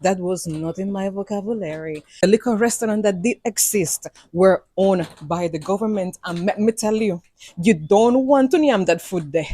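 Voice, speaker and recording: Woman, mellow dry voice, casual English with Patois phrases. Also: mid-range voice, normal speed, no echo. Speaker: immigrant sharing experiences. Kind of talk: casual talk to camera.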